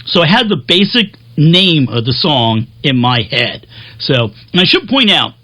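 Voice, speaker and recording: Man, music show host from Philadelphia; chatty, rambling, self-deprecating delivery; bright, husky voice. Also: a little high, sing-song, a little slow. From Philadelphia, USA. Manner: chatty, self-deprecating, frequent fillers and restarts. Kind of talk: rambling casual to-camera talk.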